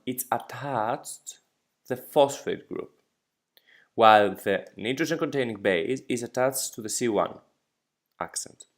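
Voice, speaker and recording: A man whose first language is Greek, teaching biology step by step over slides, asking the listener questions and correcting his own slides as he goes. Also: mid-range voice. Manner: explains step by step, checks understanding with questions. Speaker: biology tutor.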